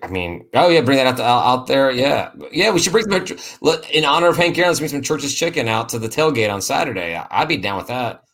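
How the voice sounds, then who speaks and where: A man's voice: medium pitch, big pitch swings, fast, few pauses, a bit bright. A man hosting a casual sports podcast, joking loosely, laughing often and repeating his words. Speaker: podcast host.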